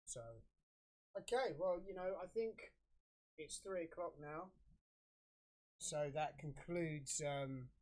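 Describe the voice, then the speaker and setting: A man's voice: fairly high pitch, takes it slowly, pauses often, darkish tone. A man co-hosting a live trading stream, joking and hesitating with fillers. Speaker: co-host.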